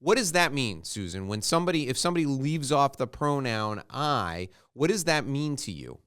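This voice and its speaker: A man's voice: mid-range voice, big pitch swings, normal speed, fairly bright tone, smooth. A man hosting a podcast, asking conversational, probing follow-up questions. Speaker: podcast host. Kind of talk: interview questions.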